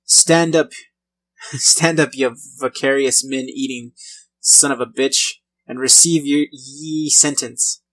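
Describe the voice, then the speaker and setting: A gruff frontier judge, as a man puts him on, roaring his words in a thick, put-on Irish-pirate brogue. He stretches each phrase slowly and theatrically, pitched up from the man's everyday voice, loud and blustering. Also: steady tone. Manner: bellowing, theatrical, drawn-out.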